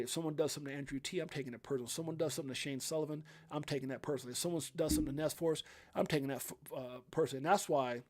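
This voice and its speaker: A middle-aged man talks fast on a live crypto stream. He is heartfelt and emphatic and keeps restarting his sentences with lots of ums and uhs. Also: mid-range voice, darkish tone. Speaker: crypto livestream host.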